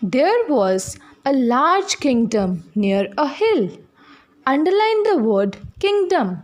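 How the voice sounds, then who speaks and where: High-pitched, lively woman teacher. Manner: slow and deliberate, spells words out letter by letter; explains vocabulary to young students. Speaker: primary school teacher. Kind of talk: classroom reading lesson.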